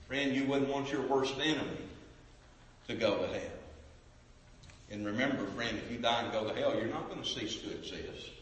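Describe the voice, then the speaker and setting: Fiery preacher in an echoing hall. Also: male voice, moderate pace, long pauses. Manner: swings between booming cries and hushed pleading; repetitive preaching cadence. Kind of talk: impassioned sermon. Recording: echoey hall from far off.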